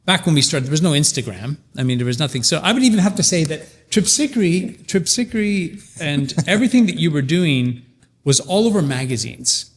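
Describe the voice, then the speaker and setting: A man's voice: fairly high pitch, lively intonation, a little fast, husky, long reverb tail. A man in his sixties hosting a podcast, talking reflectively with frequent restarts as he searches for words. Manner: thoughtful, searching, many restarts. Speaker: podcast host. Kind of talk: casual conversational interview.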